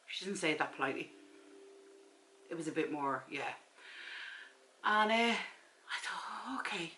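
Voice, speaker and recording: Sitting in her front room, a forties-aged Irish vlogger tells a story to camera about a conversation with a friend, acting out the friend's replies. Her low-pitched voice is animated, pushed, and bright, a little slow, with frequent pauses. Recorded on a camera mic, the audio is rough with slight background noise.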